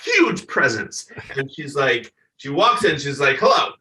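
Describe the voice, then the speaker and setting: A man's voice: medium pitch, a little slow, far from the mic, slight background noise. A man, a stand-up comedian and guest, telling stories in a casual interview and acting out the people he quotes. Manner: animated storyteller, acts out the people he quotes.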